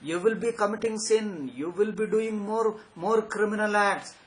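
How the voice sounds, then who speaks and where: A man's voice: high-pitched, normal speed, rough recording. A man giving a spiritual lecture, sarcastic and emphatic, often repeating his phrases. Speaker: Vedanta teacher.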